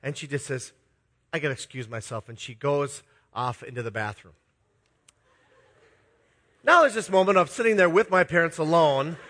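This middle-aged man from Minnesota is a pastor sharing self-deprecating, confessional stories in a sermon, chuckling as he tells them. His fairly high, a bit bright voice is very animated, moves at normal speed, and pauses often.

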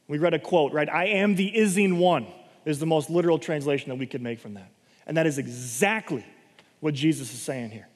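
A man with a fairly high voice preaches a sermon. He reads scripture passages aloud and breaks off to explain them, checking in with "okay" and "right". His voice rings out with the long reverb of a large hall. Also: a little fast.

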